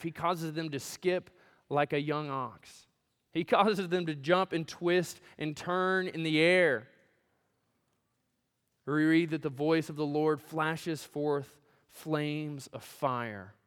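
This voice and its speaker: Resonant preacher in a reverberant hall. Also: male voice, on the high side, steady tone, slow, smooth. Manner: dramatic swings from loud emphatic build-ups to hushed near-whispers. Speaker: pastor. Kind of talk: sermon. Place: church sanctuary.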